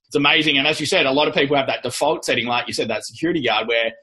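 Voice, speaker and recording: Bright-voiced enthusiastic male host. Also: medium pitch, steady tone, racing. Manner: enthusiastic, affirming. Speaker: podcast host. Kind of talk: casual interview chat.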